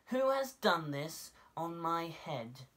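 A man voicing a short-sighted, indignant little male mole in a children's storybook reading, asking his questions in a high, slow, plaintive way. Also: sing-song, a bit bright, heavily acted.

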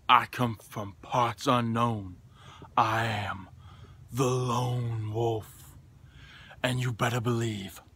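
A man doing a husky, slow wrestling villain. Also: mid-range voice, full character voice. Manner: grandiose bragging, builds to roaring shouts. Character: boastful menacing male wrestling villain. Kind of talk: wrestling promo.

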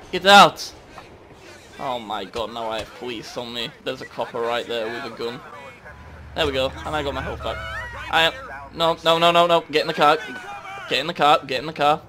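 A young man doing loud, excitable game commentary, often yelling at the screen. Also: fairly high pitch, a little hiss or hum. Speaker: gaming YouTuber.

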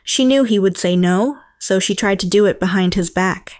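A woman's voice: medium pitch, moderate pace, darkish tone, dry recording. Woman narrator for a story channel, matter-of-fact, dry close sound. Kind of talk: first-person story narration.

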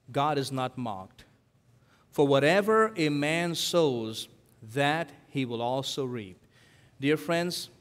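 A male pastor preaching a sermon, dramatic, swinging between loud emphasis and hushed quoted lines. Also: fairly high pitch. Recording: long hall reverb.

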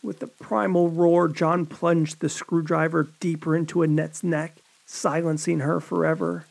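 A man's voice: a little high, flat delivery, a little slow, vocal fry. Man narrating a horror story over rain. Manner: dramatic storytelling.

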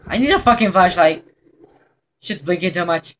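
Excitable, cursing young man playing a horror game. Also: high voice, moderate pace, rough recording. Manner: profane, excitable, jumpy reactions. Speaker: gameplay commentator. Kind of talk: let's play commentary.

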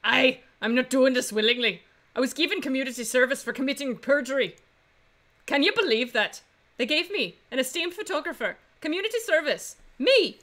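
A woman's voice: high-pitched, lively intonation, a little fast, fairly bright tone, voice pushed up. A woman voicing a pompous, grumpy male bird photographer, reading game dialogue on a stream. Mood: indignant. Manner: haughty and indignant, scornful complaints.

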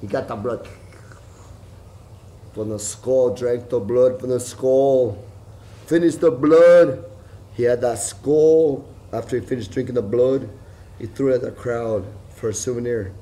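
A middle-aged man with a drawl holds forth in a rambling, profane monologue at an ordinary mid pitch for a man. He repeats himself and swings between loud, excited bursts and low, muttered asides. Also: a little slow. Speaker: vlogger.

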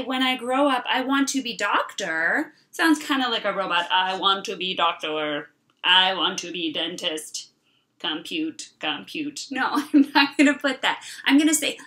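A middle-aged woman teacher leading an online writing lesson for young children, sounding out words slowly and clearly. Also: sits high, fairly bright tone.

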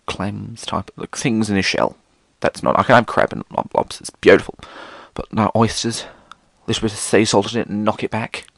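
A man's voice: on the low side, fairly even intonation, normal speed, gravelly, a bit bright, no echo. A British man hosting a solo podcast, rambling casually and theatrically, swearing often. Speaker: podcast host.

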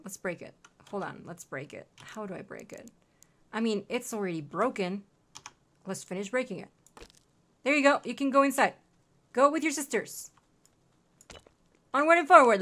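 A woman's voice: fairly high pitch, lively intonation, moderate pace, pauses often, fairly bright tone. A young woman streaming a game, chatting casually and cooing at her in-game pets. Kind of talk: casual gameplay commentary.

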